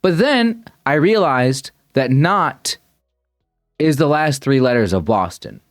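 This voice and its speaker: A man's voice: mid-range voice, big pitch swings, takes it slowly, no echo, clean studio sound, soft background music. A man thinking aloud as he reacts to a puzzle video, rambling and correcting himself as he goes. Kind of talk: casual thinking-aloud commentary.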